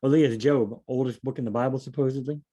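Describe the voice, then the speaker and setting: Reading Bible verses aloud, a man then explains them in a chatty, animated way during a casual study session. He has a mid-range voice and talks fast.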